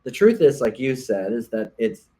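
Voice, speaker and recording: A man's voice: mid-range voice, big pitch swings, normal speed, dark tone. Earnest realtor man explaining on a podcast. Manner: earnest, explanatory, with stammered restarts. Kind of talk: casual chat.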